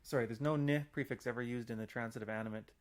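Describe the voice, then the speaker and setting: A man gives an audio language lesson in a loose, chatty style, full of fillers and restarts, and he slows down to spell out example phrases. His voice is mid-range with a steady tone.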